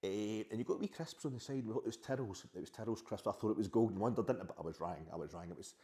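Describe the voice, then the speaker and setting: A man's voice: fairly low pitch, fast, dark tone. A middle-aged Scottish man hosting a podcast, rambling sheepishly in a comic monologue and answering back to his unseen wife. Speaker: podcast host.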